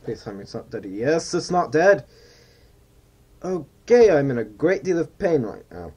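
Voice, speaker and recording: Slow, lively-toned man muttering over gameplay. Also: fairly high pitch, breathy edge, muffled recording. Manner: rambling, self-mocking muttering to himself; drops into mock pilot announcements. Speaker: gamer playing a flight simulator. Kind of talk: casual gameplay commentary.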